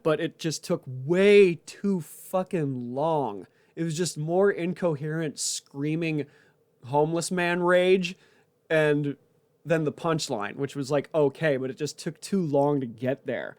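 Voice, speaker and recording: Rambling, profane comedian with a raised voice. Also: male voice, fairly high pitch, measured pace, no room sound. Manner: rambling, profane, frequent restarts. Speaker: comedian and podcast host. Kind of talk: casual recap monologue.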